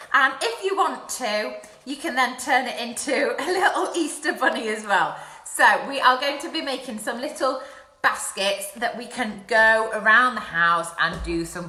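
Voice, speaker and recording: A woman's voice: a little high, pushed and bright, roomy sound, slight background noise, poor audio. A young woman presenting a live craft session for children from her home, chatty and apologetic. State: out of breath. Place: home, indoors. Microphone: phone or webcam livestream.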